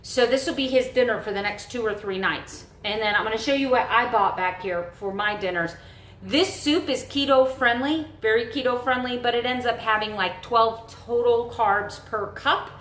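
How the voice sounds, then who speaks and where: A woman's voice: fairly high pitch, normal speed, a bit bright, roomy sound, poor audio. A woman chatting casually to her viewers in a home kitchen vlog, rambling with friendly asides. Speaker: vlogger. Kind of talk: casual day-in-the-life vlog chat.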